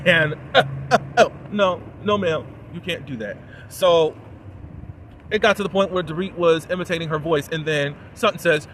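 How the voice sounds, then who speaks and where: A man with a fairly high voice recaps a reality show in a casual, chatty way. He is sassy and opinionated, and he talks straight to his viewers. A faint hiss of noise sits behind him. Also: animated, fairly quick, fairly bright tone.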